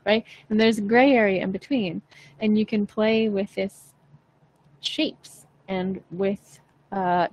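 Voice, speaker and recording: A woman's voice: mid-range voice, a little hiss or hum, low-quality recording. A young adult woman teaching singing in a casual, chatty way, frank and playful, swearing now and then. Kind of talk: casual livestream voice lesson.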